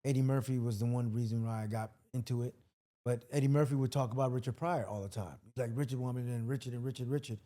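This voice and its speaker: Comedian guest, mellow warm male voice, animated storyteller, casual podcast talk. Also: medium pitch, quick pace. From Washington, D.C. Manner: storytelling, acts out quotes loudly.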